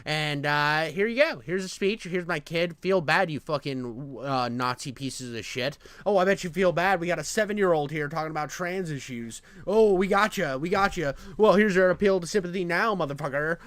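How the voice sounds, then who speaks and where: A man's voice: on the high side, lively intonation, normal speed, fairly bright tone, smooth, no room sound. A man streaming his reaction to a video, ranting bluntly and sarcastically, with a lot of swearing. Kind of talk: casual profane commentary rant.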